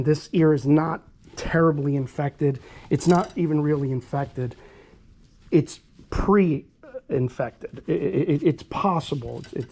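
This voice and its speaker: Talking viewers through grooming a dog by hand, this man speaks in a voice on the high side. His explanations are earnest and repetitive, broken up by gentle, calming words to the dog.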